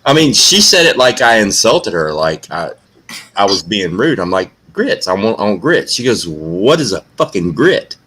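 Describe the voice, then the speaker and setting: A man's voice: fairly low pitch, very animated, normal speed, bright, forceful tone, a little hiss or hum. A man hosting a casual livestream chat, telling food stories with casual swearing and emphasis. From American South. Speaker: livestream host.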